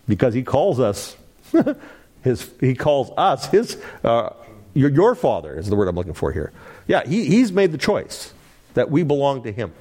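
A man's voice: medium pitch, a little slow. A man teaching a Bible study class, lecturing and asking the group questions. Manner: animated, asks the class questions, laughs lightly.

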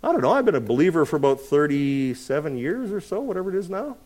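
A middle-aged man preaching an expository sermon, swinging between loud emphasis and quiet asides. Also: a little high, sing-song, fast. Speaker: pastor.

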